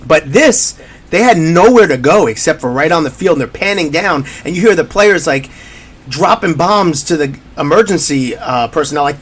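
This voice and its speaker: A man's voice: a little high, normal speed, slightly rough. A man co-hosting a podcast, chatting casually about sports and acting out quotes as he tells stories. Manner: animated, storytelling with acted-out quotes. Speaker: podcast co-host.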